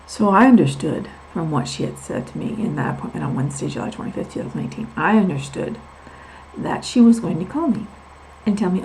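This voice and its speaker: A woman with a gravelly, creaky voice confides her own story to the camera. She talks candidly, leaning on repeated words for emphasis. She wanders onto side tangents before pulling back to the point. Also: lowish voice, animated, fairly quick, a little mellow, slight background noise, poor audio. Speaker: vlogger sharing her medical experience. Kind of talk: personal storytelling vlog.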